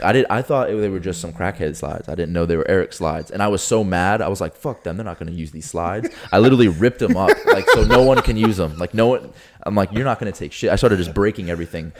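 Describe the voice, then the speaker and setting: A young man, a podcast co-host, telling a story in casual chat, animated and swearing, acting out quotes. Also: deep voice. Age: young adult.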